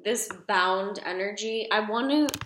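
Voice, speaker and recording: A woman's voice: medium pitch, unhurried, a bit bright. A young woman reads tarot cards for her viewers at home in a chatty, gushing way and swears casually. She takes her time, lingering over her words. Her voice bounces around an echoey room, with a faint hiss underneath. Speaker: tarot card reader. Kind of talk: casual tarot reading video.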